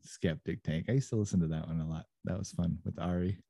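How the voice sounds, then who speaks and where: A man's voice: deep voice, steady tone, quick pace, creaky, warm tone, dry recording. Brief: male podcast co-host, easygoing rambler, frequent laughs, dry close mic. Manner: rambling, laughs often, loose storytelling. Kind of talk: casual podcast chat.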